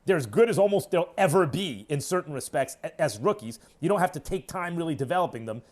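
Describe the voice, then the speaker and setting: Emphatic sports radio host, lively swings. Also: male voice, fast talker. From New York. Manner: emphatic, hectoring, swings between loud and low. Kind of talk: opinionated sports talk monologue.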